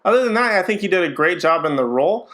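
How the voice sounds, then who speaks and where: A man talks through a movie review in a loose, casual way, and his voice sits on the higher side. He sounds opinionated but hedges often, with frequent ums and restarts as he works through his thoughts. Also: animated, quick pace, fairly bright tone.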